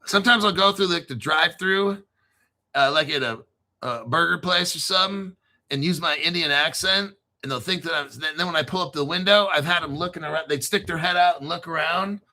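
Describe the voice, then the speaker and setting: A man's voice: fairly high pitch, fairly quick, bright, forceful tone. A man hosting a casual crypto livestream, rambling through long lists of names and swearing freely as he chats with viewers. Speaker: crypto show host.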